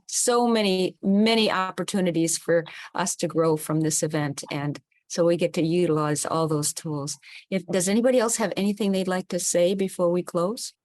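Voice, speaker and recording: A woman's voice: fairly low pitch, no room sound. A woman hosting the close of an online summit over a video call, effusive and heartfelt, leading a guided visualization. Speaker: summit host. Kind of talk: closing remarks on a video call.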